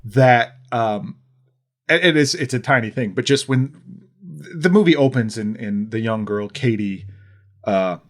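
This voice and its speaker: A man's voice: mid-range voice, animated, a little slow. Wry man from the Midwest reviewing films. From American Midwest. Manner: wry, opinionated, thinking aloud. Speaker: podcast co-host. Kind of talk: casual film-review chat.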